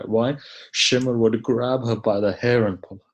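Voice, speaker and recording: A man preaching a mournful sermon in a mid-pitched voice, neither high nor low. He tells the story slowly and with grief, leaning on long dramatic pauses. At the most painful moments his voice sinks nearly to a hush. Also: fairly even intonation. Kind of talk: mournful majlis sermon narration.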